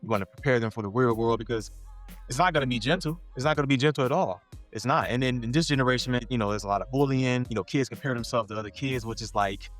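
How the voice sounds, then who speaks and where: A man's voice: mid-range voice, fast, soft background music. Blunt, cussing podcast host man. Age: adult father. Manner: blunt, swears freely, animated venting. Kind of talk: casual chat.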